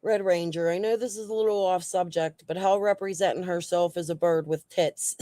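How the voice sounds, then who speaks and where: A woman's voice: fairly low pitch, normal speed, dark tone, dry recording. A woman hosting a casual true crime livestream and reading the chat, talking in a blunt, heated way that is full of swearing.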